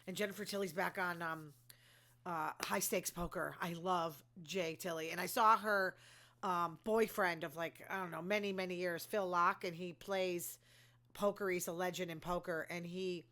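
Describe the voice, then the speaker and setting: A chatty woman with a bright, sharp-edged voice, talking in a loose, gossipy way. She is opinionated and wanders off into asides, with plenty of fillers as she hosts her own recap show. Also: lowish voice, steady tone, normal speed. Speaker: host recapping reality TV. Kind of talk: casual gossipy commentary.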